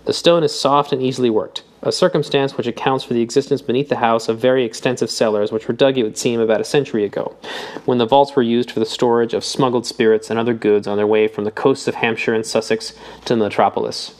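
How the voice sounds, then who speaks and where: Male narrator as eager young reader, brisk, lifts on questions. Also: steady tone, darkish tone, natural voice. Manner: reads old text aloud, rising in pitch with questions.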